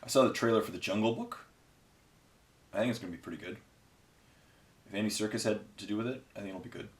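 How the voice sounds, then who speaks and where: A tired man chats through a painting session in a low, rambling voice. He is offhand and amused at himself. The room gives his voice a clear echo. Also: fast. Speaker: painting channel host. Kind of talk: casual chat while painting miniatures. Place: home, near a garage. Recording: roomy echo.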